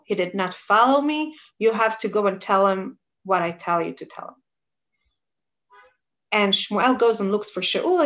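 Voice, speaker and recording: A woman's voice: mid-range voice, fairly bright tone. Woman teaching a scripture lesson. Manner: reads scripture aloud, then explains it. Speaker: Bible teacher. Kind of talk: text study lesson.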